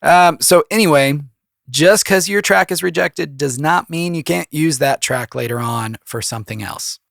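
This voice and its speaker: A man's voice: fairly high pitch, normal speed, vocal fry, a bit bright, dry recording, clean studio sound. A man with a cold, giving loose, rambling advice in a casual solo podcast, full of fillers. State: has a cold, voice deeper than usual. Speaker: composer and podcast host.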